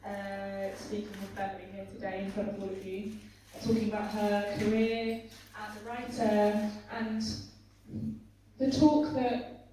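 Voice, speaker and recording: Mellow, even-voiced woman hosting a conference talk. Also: mid-range voice, moderate pace, recorded from a distance, slight background noise. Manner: reads her introduction with many ums and uhs. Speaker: interviewer and conference host. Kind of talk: introduction and interview questions. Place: conference hall. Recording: very echoey hall, voice from off-mic.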